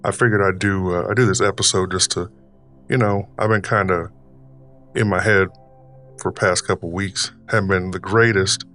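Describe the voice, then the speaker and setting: A man's voice: sits low, fairly even intonation, moderate pace, a bit bright, faint music behind. A man putting on a drawling Southern accent as a folksy old grandpa character, rambling casually with lots of fillers. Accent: put-on Southern US. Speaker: podcast host.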